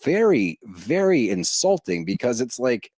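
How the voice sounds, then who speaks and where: A young man co-hosts a casual reality TV podcast, his voice swinging lively through its pitch. He talks animatedly and swears freely, recorded dry and close on a studio mic. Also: measured pace, dry recording. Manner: animated, swears, mimics cast members' voices. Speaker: podcast co-host.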